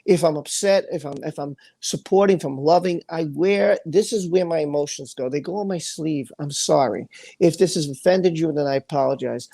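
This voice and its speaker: A man's voice: fairly high pitch, moderate pace, vocal fry, mellow. A man hosting a livestream, ranting with anger and emotion, repeating phrases and reading chat comments aloud. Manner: angry, impassioned, repeats phrases. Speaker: livestream host.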